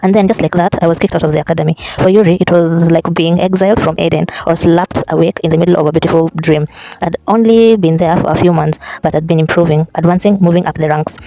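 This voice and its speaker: A vlogger casually chatting, then reading a book aloud in a halting way, restarting and correcting words. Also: medium pitch, fairly even intonation, vocal fry, mellow, poor audio. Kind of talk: casual vlog and unpolished read-aloud.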